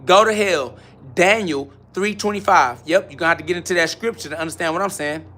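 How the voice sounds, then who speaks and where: A man's voice: a little high, rapid-fire, sharp tone. A man hosting a live stream from his garage gym, answering viewer comments in a brash, boastful, repetitive rant. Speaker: livestream host.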